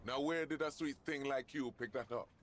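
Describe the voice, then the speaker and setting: A man's voice: mid-range voice, moderate pace, a bit bright, close to an everyday voice. An actor playing a flirtatious, teasing man in a video game who calls people sugar. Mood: flirty. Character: flirtatious sleazy man at a card table.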